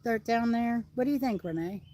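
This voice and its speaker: Rambling casually on an outdoor livestream, a middle-aged woman with a Southern American accent speaks fairly quickly. Her voice is on the high side with a warm tone.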